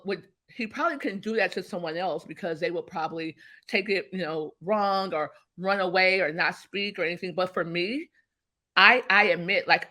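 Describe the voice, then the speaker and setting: Bright-voiced woman guest, emphatic, lively motivational storyteller. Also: fairly low pitch. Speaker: guest, business strategist. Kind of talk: motivational interview talk.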